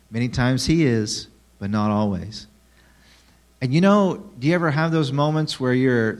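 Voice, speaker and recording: A man preaching a sermon in a conversational way, asking the listeners questions. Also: medium pitch. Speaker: pastor.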